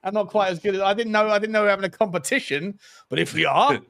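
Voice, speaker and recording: A man hosting a casual livestream chat, reading super chats in a jokey, quick way. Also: high-pitched, vocal fry, fairly bright tone. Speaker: host.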